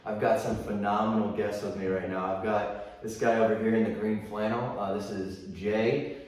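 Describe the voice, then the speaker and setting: A man's voice: on the low side, little pitch movement, normal speed, darkish tone. A man hosting a casual podcast, laid-back and teasing, with easy laughs. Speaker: podcast host. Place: gym. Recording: echoey gym, far from the mic.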